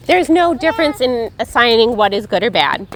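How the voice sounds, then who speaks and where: Chatty woman with a slightly high voice. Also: expressive, moderate pace, slight background noise. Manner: chatty, explanatory, frequent "like" fillers. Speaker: podcast co-host. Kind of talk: casual chat about cults.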